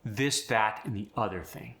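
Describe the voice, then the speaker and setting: A man's voice: lowish voice, moderate pace, fairly bright tone. A man teaching an accent, explaining each sound change step by step before reading an example sentence. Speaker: accent coach. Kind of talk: accent tutorial.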